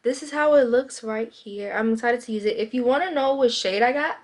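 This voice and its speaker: A young woman telling a story to her vlog audience in a casual, animated way, acting out both sides of a conversation. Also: on the high side, fairly quick, slight background noise. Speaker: vlogger.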